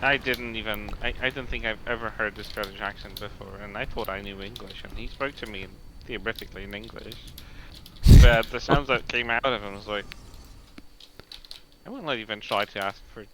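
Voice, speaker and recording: A man's voice: lowish voice, steady tone, brisk, noisy background. A man co-hosting a podcast, chatting casually with dry, understated quips. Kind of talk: casual chat. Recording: clicks and typing in the background.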